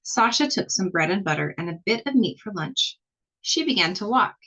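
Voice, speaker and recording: Husky woman reading a picture book aloud. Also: mid-range voice, low-quality recording. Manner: expressive, slow storytelling. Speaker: storybook reader.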